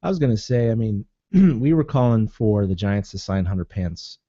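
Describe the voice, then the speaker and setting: A man co-hosting a podcast, chatting in a jokey, animated way and laughing often. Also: lowish voice, moderate pace, no room sound, lo-fi sound. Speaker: podcast co-host. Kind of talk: casual sports chat.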